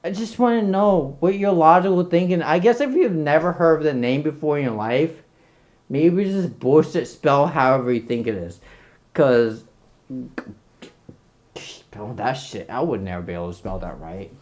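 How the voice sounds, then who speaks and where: A man giving casual reaction commentary as a content creator, rambling, excitable and swearing a lot. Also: a little high, normal speed.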